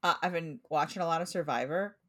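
A woman in her thirties with a Portland accent, co-hosting a casual podcast chat, animated and quick to laugh. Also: sits low. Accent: Portland, Oregon. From Pacific Northwest US. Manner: chatty, laughs often, animated storytelling. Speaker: podcast co-host.

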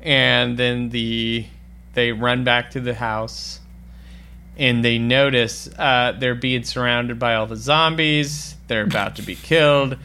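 Casting note: unhurried man with a bright, forceful voice, dry jokes and swearing while recapping a movie. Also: medium pitch, steady tone, clear, resonant tone. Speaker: podcast co-host. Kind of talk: casual movie recap chat.

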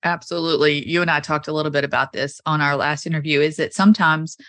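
A woman hosting a podcast, chatting casually and telling stories in an animated way. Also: low-pitched, fast talker. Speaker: podcast host. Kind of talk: casual chat.

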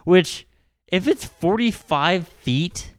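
A man's voice: high voice, animated, takes it slowly, no echo. A tipsy man hosting a casual chat podcast, joking loosely and laughing often. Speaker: podcast host.

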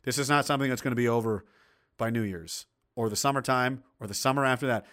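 Foul-mouthed man ranting with a bright, forceful voice. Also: medium pitch, fast. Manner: crude, mocking, blunt. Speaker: livestream host reading chat. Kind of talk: profane ranting commentary.

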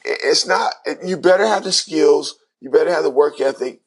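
A man's voice: a little high, brisk, slightly rough. A middle-aged man, a former basketball player, telling his story in an interview, acting out the voices of people he quotes.

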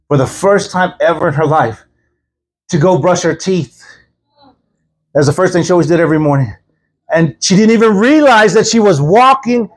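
A male preacher with a high, slightly husky voice tells a story from the pulpit. He acts out each character's lines with animated energy. He laughs often as he goes. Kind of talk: storytelling sermon.

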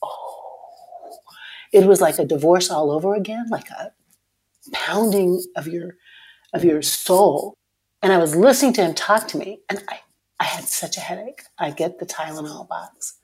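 A woman guest and author telling a personal story frankly and emotionally, cursing at times and swinging between hushed and loud. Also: on the low side, fairly quick.

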